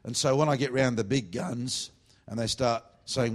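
A man preaching a revival sermon, swinging between loud fervent bursts and low confiding asides. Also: normal speed. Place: church meeting.

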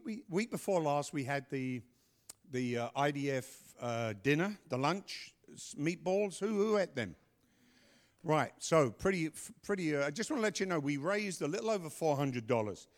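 Middle-aged guy telling a story in church, lively, gets loud, kinda high voice. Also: normal speed. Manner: animated storyteller, acts out voices, bursts of loud exclamation. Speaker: pastor. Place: church service.

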